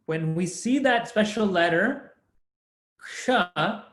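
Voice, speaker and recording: A young man whose voice sits a bit high teaches Sanskrit online with lively intonation and an unhurried pace. He breaks things into patient steps and laughs readily, while a clear room echo suggests a video call.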